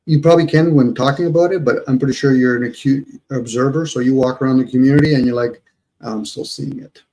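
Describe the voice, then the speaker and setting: A man with a mellow, dark voice rambles reflectively on a live online panel. He keeps asking rhetorical questions as he talks things through. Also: medium pitch, fairly even intonation, fast talker, a little hiss or hum, low-quality recording. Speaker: panel guest. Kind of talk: casual live panel chat.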